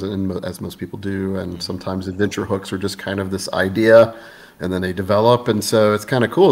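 Low-voiced man chatting as a guest. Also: vocal fry. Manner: rambling, many fillers and restarts. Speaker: guest, game designer. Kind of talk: casual interview chat.

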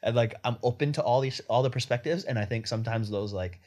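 A man's voice: medium pitch, fast, darkish tone. A man hosting a podcast, telling stories casually with slang and frequent laughter. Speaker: podcast host. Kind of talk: casual conversation.

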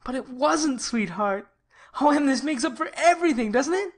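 A woman's voice: sits high, lively intonation, normal speed, pitched above the performer's own voice. A woman reading an earnest young man in love. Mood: tender. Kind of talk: audiobook character reading.

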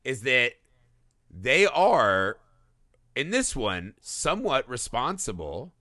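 A man co-hosting a film podcast, talking casually and profanely, slipping into quick character voices. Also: mid-range voice, huge pitch swings, bright, forceful tone, no room sound, clean studio sound. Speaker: podcast co-host.

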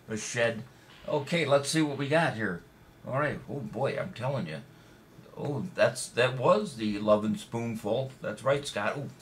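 A man's voice: fairly low pitch, a bit bright. A man hosting a casual live-stream trivia show, cracking corny jokes and reading out viewers' names and answers. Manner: jokey, chatty, reads out viewer names and answers. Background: music.

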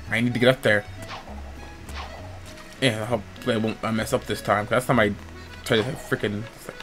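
A man's voice: medium pitch, fairly bright tone. A man with a stuffy nose giving casual, rambling gameplay commentary as a let's player, often stopping to restart his sentences. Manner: rambling, self-interrupting.

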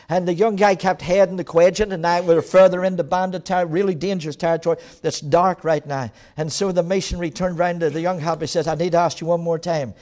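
A man preaching a sermon as pastor, telling stories with sudden swings from quiet to loud and frequent laughs. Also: on the high side, fairly even intonation, fast, few pauses. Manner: storytelling preacher with dramatic swings in loudness, laughs often.

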